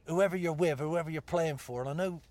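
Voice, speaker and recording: A man's voice: a little high, brisk, darkish tone. Bristol-accented man telling blunt stories. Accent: Bristol English. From Bristol, England. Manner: blunt and anecdotal, swears freely, calls others mate. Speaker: former footballer. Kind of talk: casual chat.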